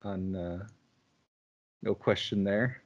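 A man's voice: deep voice, steady tone, slow, highs cut off. A man co-hosting a podcast in casual chat, laughing often and retelling scenes with animation. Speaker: podcast co-host.

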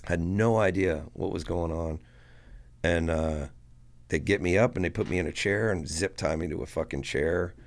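A man telling a story to a podcast host in a casual, profane, animated way, acting out what people said. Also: low voice, moderate pace. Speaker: guest musician.

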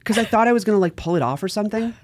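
Animated young man telling a story. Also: high-pitched, rapid-fire, dry recording. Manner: animated, acts out quoted voices, laughs often. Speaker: podcast guest. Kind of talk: casual storytelling.

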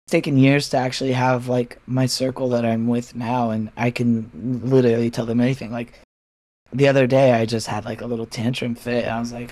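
A man speaking as a podcast guest in candid casual chat, frank and animated, swearing and acting out other people's lines. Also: medium pitch, a little fast.

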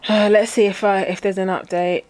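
A woman co-hosting a podcast, chatting casually with a giggly, animated way of telling stories. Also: medium pitch, fairly quick, dry recording. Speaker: podcast co-host. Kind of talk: casual chat.

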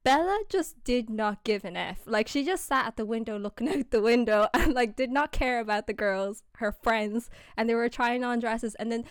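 A young woman retells a story in casual chat, acting out the quotes and laughing often. Her voice sits a little high. The sound is dry and close. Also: normal speed, hardly any pauses, clean tone, no echo.

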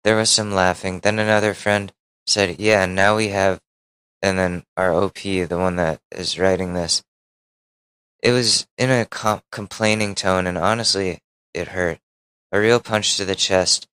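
Low-voiced man reading a story aloud. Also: fairly even intonation, a little slow, fairly bright tone, clean tone, no echo, low-quality recording. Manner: breaks in with wry asides; candid, swears casually. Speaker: podcast host. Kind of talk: reading a Reddit post aloud.

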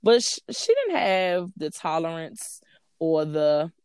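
A woman in casual chat, animated and profane, acting out quoted lines and calling people "honey.". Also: deep voice, takes it slowly, clean tone, no echo, studio quality. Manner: calls listener "honey" and "child".

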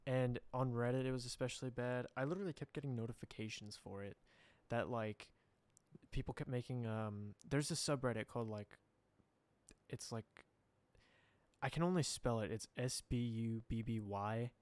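A man's voice: medium pitch, normal speed, darkish tone, no room sound. A young man co-hosting a podcast in casual chat, rambling and laughing often, trailing off mid-sentence. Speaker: podcast co-host.

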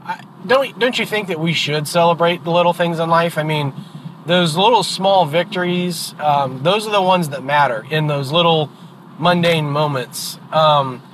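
Earnest middle-aged dad in a car. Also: male voice, fairly high pitch, moderate pace, a bit bright, low-quality recording. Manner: earnest, rambling storyteller. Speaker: podcast host and father. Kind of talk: casual chat in a car. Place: in a moving car. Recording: road noise from the car.

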